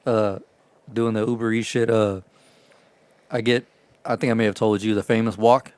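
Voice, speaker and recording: A man tells stories on a podcast in a loose, profane way. He gets louder and more animated when he acts out what people said. His voice sounds dry and close to the mic. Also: lowish voice, moderate pace, clean tone, dry recording. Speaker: podcast co-host. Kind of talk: casual storytelling chat.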